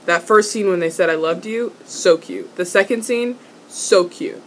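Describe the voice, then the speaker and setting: A young woman doing a casual, excitable fan recap of a TV episode, laughing, swearing and repeating herself as she rambles. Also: medium pitch, unhurried, a little hiss or hum. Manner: excitable, swearing, giggly, trailing off and repeating words. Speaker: vlogger reviewing a TV episode.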